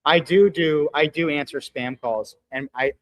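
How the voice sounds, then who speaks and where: A man telling stories in an animated, profane way during a casual live podcast chat, recorded at a gym. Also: on the high side, measured pace, no room sound, low-quality recording. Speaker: gym owner and regular co-host.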